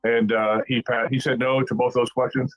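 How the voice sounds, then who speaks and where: A man's voice: medium pitch, level tone, moderate pace, faint music behind, poor audio. A man polygraph examiner giving expert testimony in a hesitant way, with frequent fillers.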